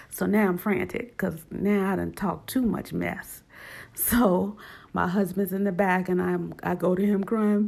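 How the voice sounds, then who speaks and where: A woman telling a personal story casually and with animation, acting out quoted lines in a higher voice. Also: fairly even intonation, unhurried, vocal fry, darkish tone.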